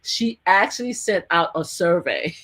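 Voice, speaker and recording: A woman guest, a survivor advocate, tells a story in an animated interview. She laughs often and acts out what people said. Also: on the low side, measured pace, slightly rough.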